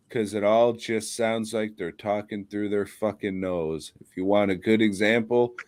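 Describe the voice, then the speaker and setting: A man's voice: lowish voice, darkish tone, dry recording. A man co-hosting a podcast, ranting bluntly with lots of swearing and laughter. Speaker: podcast co-host. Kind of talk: casual podcast chat.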